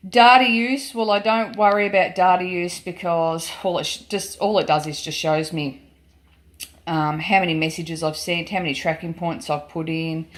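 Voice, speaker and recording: A woman's voice: lowish voice, steady tone, moderate pace. An Australian woman vlogger chatting casually and emphatically through a product demonstration, with many ums. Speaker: gold prospecting vlogger.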